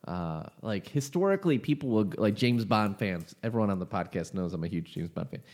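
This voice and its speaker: A man's voice: on the low side, expressive, fairly quick, darkish tone. A young man hosting a casual podcast, talking in an opinionated, rambling way. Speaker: podcast host.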